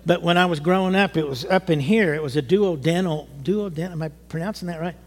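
High-voiced older man preaching in echoing hall. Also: a little fast. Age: 60s. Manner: conversational, rising to emotional outbursts, asks the congregation questions. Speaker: pastor. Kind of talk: sermon with personal testimony. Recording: long hall reverb.

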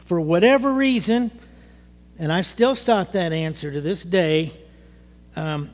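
A man's voice: high-pitched, measured pace. A man in his sixties, a pastor preaching a sermon and telling a personal testimony, talking conversationally, asking the congregation questions and rising into emotional outbursts. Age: 60s. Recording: long hall reverb.

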